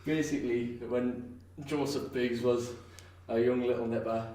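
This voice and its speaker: This wrestler, a podcast guest with a North East English accent, has a mellow, medium-pitched voice and a steady, measured pace. His chat is loose and rambling, full of fillers, restarts and frequent laughs, recorded echoey and distant with faint noise.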